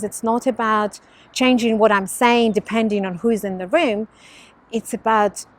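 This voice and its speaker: Russian-accented woman coach, lively and candid. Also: on the high side. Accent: Russian with Australian influence. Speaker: life coach. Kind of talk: casual talk to camera. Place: home in London.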